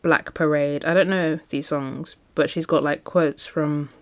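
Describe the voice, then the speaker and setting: A woman's voice: low-pitched, steady tone, measured pace. A woman talking casually in a solo podcast, chatty and emphatic, often laughing between points. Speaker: podcast host.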